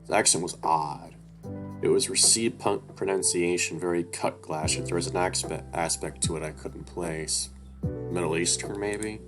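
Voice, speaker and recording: A man with a very low voice narrating a visual novel read-through in a loose, casual way. He swears, stumbles over words and tosses in asides. Loud music runs under everything. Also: fairly even intonation, normal speed. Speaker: let's-play narrator reading a visual novel aloud.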